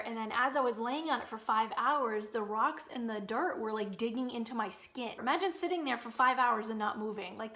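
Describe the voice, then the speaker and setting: Woman vlogger in her thirties, slightly high voice, lively storyteller. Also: gravelly. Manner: animated, acts out quotes in loud high bursts. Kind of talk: storytelling vlog.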